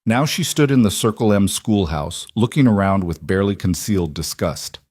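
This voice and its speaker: A man with a low voice reads a scripted story in a steady, even manner. The sound is close and dry, with no room around it. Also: normal speed, husky, no echo. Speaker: narrator.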